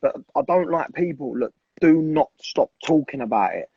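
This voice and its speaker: Twenties, husky and blunt, swears freely; dull dry sound. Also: male voice, on the high side, expressive, moderate pace, no room sound. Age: 20s. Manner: blunt, swears a lot, repeats for emphasis. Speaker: guest. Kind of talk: casual chat.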